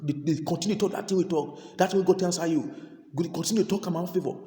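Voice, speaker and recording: A man with a Nigerian accent preaching a sermon, repeating and restarting words, moving between loud exhortation and quiet asides. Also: sits high, racing. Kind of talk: sermon in Pidgin. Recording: echoey hall reverb.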